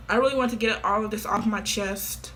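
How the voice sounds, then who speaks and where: A woman's voice: medium pitch, fairly bright tone, slight background noise. A woman in her late teens talking casually to camera, blunt and offhand. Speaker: vlogger.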